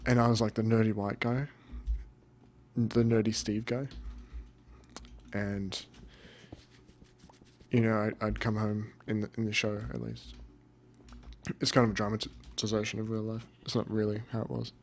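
Gravelly young man rambling while gaming. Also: fairly low pitch, normal speed, long pauses, slight background noise. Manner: rambling, deadpan, swears. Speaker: gamer. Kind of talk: casual let's-play commentary.

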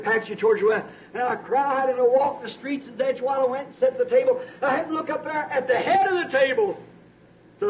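A male preacher delivering a sermon, telling a story with many repeated "said"s and swinging from hushed tones to shouts. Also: high voice. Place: church service. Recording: dull lo-fi archive tape with faint hiss.

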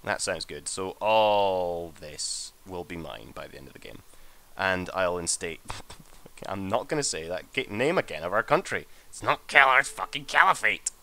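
A young man with a fairly low but very lively voice talks through a strategy game in a loose, joking way. His tone is bright and forceful, and he swears freely and jumps up into excited squeals. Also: a little slow. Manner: excitable, joking and profane, with sudden high-pitched outbursts. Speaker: gamer and channel host. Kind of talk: casual strategy-game commentary.

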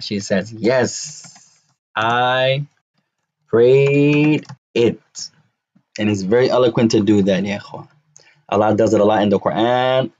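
A man teaching an Arabic lesson, repeating words slowly and drilling phrases to his students. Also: lowish voice, darkish tone, dull audio. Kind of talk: classroom lesson.

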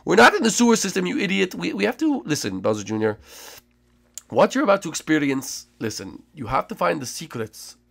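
A man's voice: fairly high pitch, sing-song, fairly quick, gravelly, full character voice. Man doing a bossy, grumpy chef. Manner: bossy, insulting, vague. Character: bossy male chef guide, grumpy and cryptic.

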